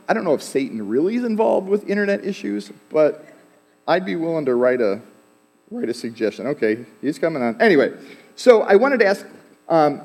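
A man preaching a sermon as pastor, in a relaxed, conversational way with fillers and asides. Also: medium pitch. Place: church sanctuary. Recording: long hall reverb.

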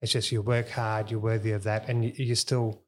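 A man's voice: on the low side, flat delivery, moderate pace. A middle-aged man as a podcast guest, reflective and earnest, restarting his sentences as he thinks. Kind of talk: casual podcast conversation.

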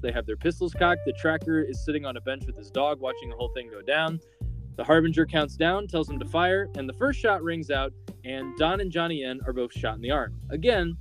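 A man hosting a podcast, casually recapping a film's plot with lots of filler words. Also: mid-range voice. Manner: rambling, filler-heavy storytelling. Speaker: podcast host.

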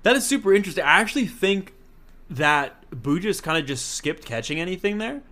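A man's voice: sits high, a little fast. A man co-hosting a casual podcast, chatting animatedly and jokingly as he recaps a game playthrough. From Italian heritage. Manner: animated, jokey, slips into mock voices. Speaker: podcast co-host.

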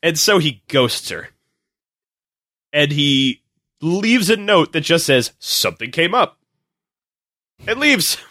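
A man, a podcast guest, retelling a film's plot in casual, animated, swearing chat. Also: a little high, slow pace, long pauses, no echo, studio quality. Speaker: podcast guest recapping a film.

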